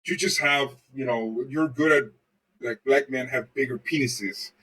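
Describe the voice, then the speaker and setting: Husky and sharp, a man's medium-pitched voice comes through a little slow, far from the mic in poor audio. He's a podcast co-host chatting casually and telling rambling, profane stories.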